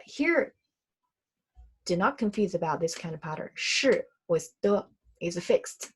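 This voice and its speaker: A woman's voice: mid-range voice, breathy edge. A young woman whose first language is Mandarin teaches a Chinese grammar lesson in Chinese and English, often rephrasing her points and putting questions to her learners. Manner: explanatory, repeats and rephrases, asks learners questions.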